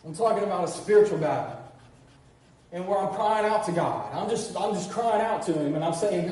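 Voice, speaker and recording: A man's voice: high voice, expressive, brisk, darkish tone. Man preaching in a very echoey church. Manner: preaching with repeated "church" call-outs and restarts. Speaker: pastor. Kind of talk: sermon. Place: church sanctuary. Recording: very echoey, distant church recording with faint noise.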